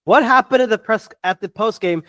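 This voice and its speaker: A podcast co-host in a full sports rant, voice pitched in the middle of the range and recorded dry and close to the mic. The talk runs hot and fast, with curses and repeated stumbling starts as the thoughts pile up. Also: a bit bright, dry recording. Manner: fast, fired-up, swearing, stammering restarts.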